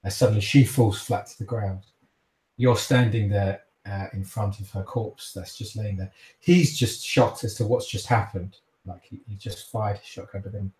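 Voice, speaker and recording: A man's voice: fairly low pitch, fairly even intonation, moderate pace, a little mellow, echoey room. A man narrating a tabletop game as game master, with vivid, gory storytelling and frequent restarts.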